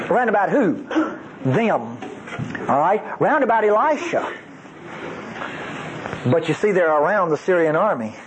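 A Bible teacher with a drawl delivers a teaching sermon in a fairly high, sing-song voice that jumps up and down as he stresses words. He's folksy and emphatic, moving slowly with frequent pauses and slipping playful asides between scripture readings. Background noise can be heard.

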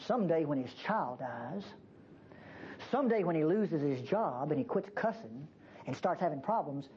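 A woman teaching a Bible passage to a church group in a conversational way, acting out the prophet's pleas as she explains them. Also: low voice. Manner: animated, acts out the prophet's pleas. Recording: dull lo-fi tape with faint hiss.

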